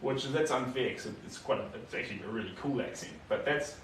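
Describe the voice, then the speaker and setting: A man's voice: medium pitch, fast talker. New Zealand man chatting from an echoey room. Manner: chatty, answers viewer comments, mutters while painting. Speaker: painter live-streaming. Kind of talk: casual live-stream chat while painting. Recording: echoey room, distant mic, noisy.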